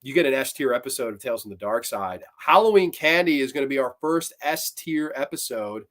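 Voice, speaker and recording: A man hosting a horror review show, chatting casually, excitable and swearing freely. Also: medium pitch, fairly quick. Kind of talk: casual livestream chat.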